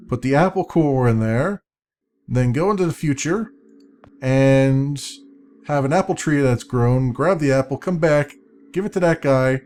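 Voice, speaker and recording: A man giving casual let's-play commentary, chatty and thinking out loud as he plays. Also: medium pitch, slight background noise.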